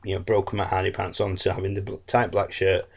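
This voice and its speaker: A man's voice: sits low, level tone, quick pace, gravelly, a little mellow, slightly rough. A man giving a casual, blunt, rambling wrestling review, full of fillers and self-corrections. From England.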